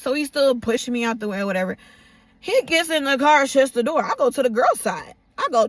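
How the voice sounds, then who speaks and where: Young woman, fairly high voice, swoops all over in pitch, profane storytime delivery, close and dry. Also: fast, dry recording. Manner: animated, profane, reenacts her own outbursts. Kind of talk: casual storytime vlog.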